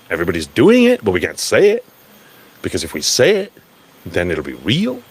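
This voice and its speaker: A man giving a blunt, profane, animated live talk at a crypto event. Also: sits low, a little fast, husky.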